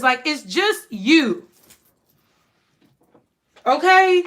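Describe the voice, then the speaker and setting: A woman with a high voice reads tarot cards in a casual, talkative way. She is emphatic and blunt, and she swears freely. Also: lively intonation, drawn-out words, pushed and bright. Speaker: tarot reader.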